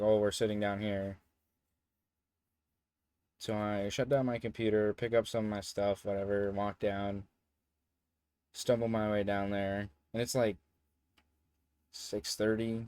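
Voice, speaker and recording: A man's voice: fairly low pitch, darkish tone, smooth, dry recording. A young man telling a story in a casual vlog, rambling and joking, with some swearing. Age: young adult. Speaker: vlogger.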